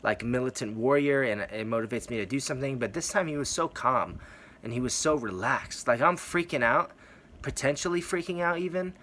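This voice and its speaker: A man's voice: medium pitch, a little fast, a bit bright. Earnest man sharing a rambling testimony. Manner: earnest, rambling, repeats phrases for emphasis. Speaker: Christian testimony vlogger. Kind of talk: personal testimony.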